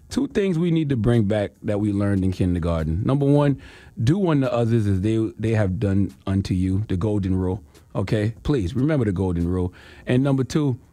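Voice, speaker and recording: A man's voice: fairly low pitch, mellow, dry recording. A man hosting a morning radio show, lecturing listeners and teasing his co-host in a mocking, preachy way. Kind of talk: morning radio banter and commentary.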